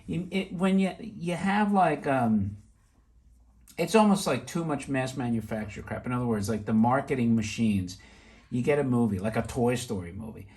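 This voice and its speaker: A middle-aged man talks through his toy collection in a loose, excitable ramble, full of asides. His voice is slightly husky. His pitch swings widely as he gets worked up. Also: moderate pace. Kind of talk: casual show-and-tell.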